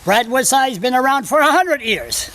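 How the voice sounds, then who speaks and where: A man's voice: very high voice, expressive, normal speed, pushed and bright. A male blogger talking off the cuff to a camera someone else holds, rambling, blunt and digressive, with some swearing. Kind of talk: off-the-cuff video commentary. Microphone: camera held by another person.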